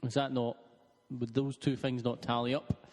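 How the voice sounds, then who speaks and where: A man's voice: medium pitch, little pitch movement, moderate pace, a little mellow, in a large hall. A man in a podcast's casual sports banter, needling and arguing a point. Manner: needling and argumentative. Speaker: podcast regular.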